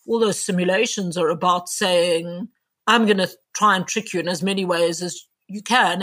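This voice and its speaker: Woman, ER doctor guest, bright voice, animated storyteller. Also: fairly low pitch, husky. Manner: animated, acts out quotes with laughs. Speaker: emergency doctor and author. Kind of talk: interview guest, casual storytelling.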